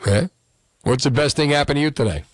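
A man's voice: medium pitch, fast talker, dry recording. A man hosting a radio call-in show, joking and laughing easily with callers and guests. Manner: lively, jokey, laughs often. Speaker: radio host.

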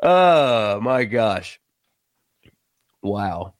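A man from South Carolina, hosting a casual live sports talk stream, animated and exasperated. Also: on the low side, extremely slow, no room sound, clean studio sound. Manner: animated, exasperated, laughs and sighs.

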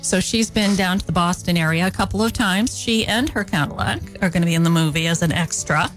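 A woman's voice: fairly low pitch, brisk, faint music behind, low-quality recording. A woman co-hosting a morning radio show, telling a local feature story in an easygoing way. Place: radio studio. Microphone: studio microphone.

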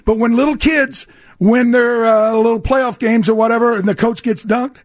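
A man's voice: very high-pitched, moderate pace, no room sound, studio quality. A man in his sixties, a radio co-host and former football player, telling stories animatedly and acting out the voices he quotes. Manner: animated storyteller, acts out quoted voices, restarts often. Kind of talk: casual sports radio storytelling. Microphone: studio microphone.

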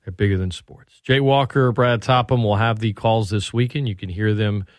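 A man's voice: fairly low pitch, moderate pace, no room sound, studio quality. A man hosting a sports radio talk show, chatting loosely and reading plugs and promos for upcoming shows. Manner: conversational, reads station plugs and promos.

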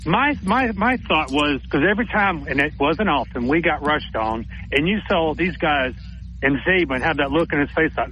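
A man's voice: fairly high pitch, expressive, normal speed. A man calling in to a sports radio show, chatty and joking as he sets up his question. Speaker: radio caller. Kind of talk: call-in sports talk. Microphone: telephone. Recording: dull lo-fi phone line.

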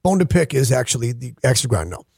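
A man's voice: mid-range voice, very animated, quick pace, creaky, mellow, husky, dry recording. A man hosting a sports radio show, chatting casually and rambling through stories with many self-corrections, on a studio microphone. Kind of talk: casual on-air banter.

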